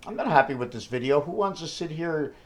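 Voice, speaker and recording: A fairly high, expressive male voice moves a little fast through a rambling vlog monologue. The vlogger talks solo to the camera and thinks aloud, using lots of fillers, quizzing himself and leaping between numbers and wordplay.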